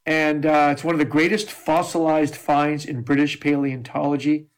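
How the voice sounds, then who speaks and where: A man's voice: on the high side, flat delivery, moderate pace, low-quality recording. A man co-hosting a casual podcast chat, chatty and enthusiastic as he tells stories. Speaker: podcast co-host.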